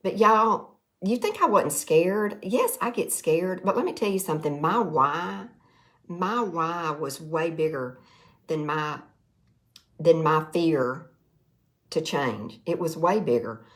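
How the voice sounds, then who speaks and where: A woman's voice: low-pitched, animated, slow pace. A middle-aged woman from the Mississippi Delta with a Southern accent, speaking earnestly to camera in a folksy, heartfelt way, often repeating herself. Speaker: direct sales vlogger. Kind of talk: emotional testimonial to camera.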